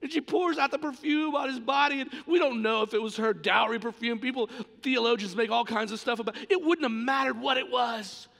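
Gravelly, high-pitched preaching man. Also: brisk, hardly any pauses, fairly bright tone. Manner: impassioned, emphatic preaching. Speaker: pastor. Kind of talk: sermon. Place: church sanctuary. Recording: long church reverb.

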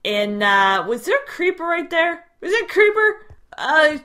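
A woman hosting her own game let's play, chattering in a hyper, excitable way as she plays at her home computer. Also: very high-pitched, measured pace, background noise. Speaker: gaming channel host. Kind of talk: Minecraft let's play commentary. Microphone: headphones with desk mic.

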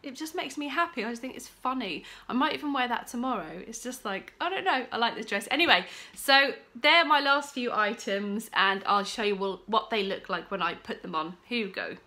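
A woman's voice: fairly high pitch, lively intonation, a little fast, few pauses, bright, forceful tone. A young woman chatting casually and enthusiastically in a home vlog, rambling a little as she shows her finds. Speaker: vlogger. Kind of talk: casual chat. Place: upstairs room at home.

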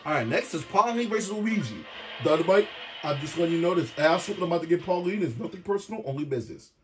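A man's voice: a little high, expressive, fast, over music. A middle-aged man, a father, trading boastful, teasing banter while hosting a family video game tournament. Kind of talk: casual trash-talk over gameplay.

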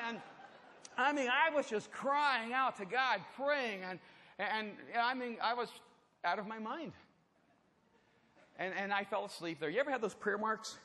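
A man preaching at a conference, telling a personal story with humor and swinging from loud bursts to hushed, intense passages. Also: very high-pitched, moderate pace, slight background noise. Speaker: conference speaker. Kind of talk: storytelling sermon. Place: church auditorium. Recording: large hall with long reverb, faint ambience.

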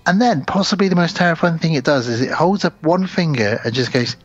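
A man's voice: fairly high pitch, expressive, a little fast, slightly rough, highs cut off, faint music behind. A man co-hosting a podcast, retelling a film's plot in casual chat and acting out the characters' lines. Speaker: podcast co-host. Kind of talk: casual film recap chat.

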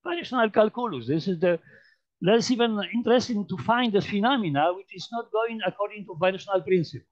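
A man with a Polish accent, a native Polish speaker, giving an informal mathematics lecture while demonstrating on a computer, halting with many fillers, restarts and repeated phrases. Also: high-pitched. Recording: dull lo-fi sound.

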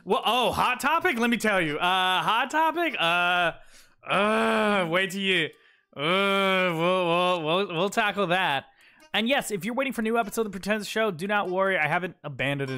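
A man's voice: high voice, sharp tone. A man streaming a video game, chatting playfully and jokingly with his viewers. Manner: playful, jokey, chats to viewers. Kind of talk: casual live-stream chat.

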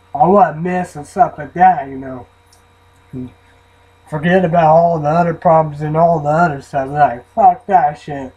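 Husky rambling vlogger guy. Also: a little high, darkish tone, rough recording. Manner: rambling, profane, trailing off into mumbles. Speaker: vlogger reviewing an energy drink. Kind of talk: rambling casual vlog.

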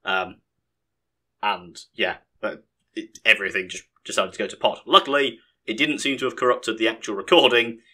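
A man's voice: on the low side, fairly even intonation, normal speed, pushed and bright. A man giving casual, sarcastic commentary while he plays a game. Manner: chatty, sarcastic, laughs at his own mishaps. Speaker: let's play host.

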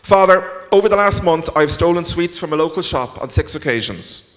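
A man's voice: lively intonation, normal speed, a bit bright. A man reading aloud, voicing a nervous, candid fourteen-year-old boy at confession. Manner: hesitant, candid, pitch jumping upward. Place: large concert hall. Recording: long concert hall reverb.

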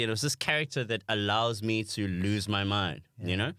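On a comedy podcast, a young man with a South African accent shares lively stories poking fun at himself. His voice is fairly low, his speed normal with few pauses, and the studio sound is clean, with no room sound.

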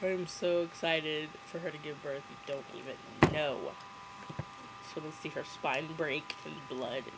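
A woman's voice: low-pitched, steady tone, a little slow, heavy background noise. A young woman vlogger, sick, casually mocking a movie with sarcastic, giggly commentary.

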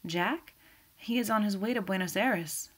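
A woman reading the part of a proud, composed middle-aged widow who speaks in a low, restrained tone. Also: unhurried, close to an everyday voice.

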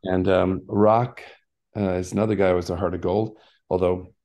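In a relaxed interview, a former actor and basketball coach, now older, spins rambling stories full of restarts and asides. He speaks with a low, dark voice, a flat delivery, and a moderate pace.

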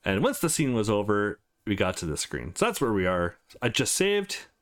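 A man's voice: lowish voice, sing-song, moderate pace. A man hosting a let's play, casual and rambling with fillers as he plays. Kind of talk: casual gameplay commentary.

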